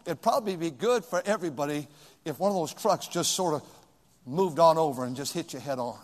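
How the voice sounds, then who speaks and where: A preacher playing the devil as a sly, coaxing tempter in a reverberant church. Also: male voice, on the high side, animated, fairly quick.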